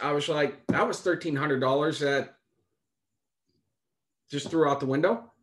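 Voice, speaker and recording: A man's voice: fairly high pitch, fairly bright tone. A man preaching in a conversational Bible-teaching style, emphatic, repeating key phrases and asking rhetorical questions.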